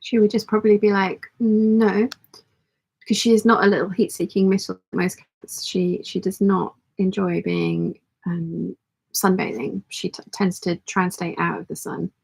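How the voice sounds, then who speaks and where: A woman hosts a relaxed sewing hangout, her voice hoarse and croaky from being ill. She talks in a rambling, self-mocking way, with a gravelly rasp and a husky edge to every phrase. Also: fairly low pitch, moderate pace. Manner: rambling, self-deprecating, chatty. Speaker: sewing livestream host. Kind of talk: casual chat to live chat while sewing. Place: home sewing studio.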